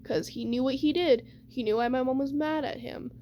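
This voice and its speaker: High-voiced young woman telling a story. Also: moderate pace, warm tone, slight background noise. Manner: rambling, chatty, many fillers like "like" and "whatever". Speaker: vlogger. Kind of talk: casual storytime.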